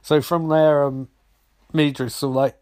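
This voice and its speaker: A man's voice: a little high, little pitch movement, measured pace, darkish tone. A young man casually recapping a TV episode, swearing often and rambling through jokey asides.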